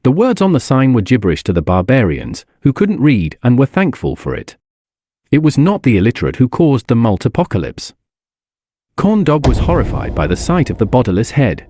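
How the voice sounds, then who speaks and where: A man narrating a fantasy audiobook in a wry, expressive storytelling manner. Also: medium pitch, normal speed, no room sound.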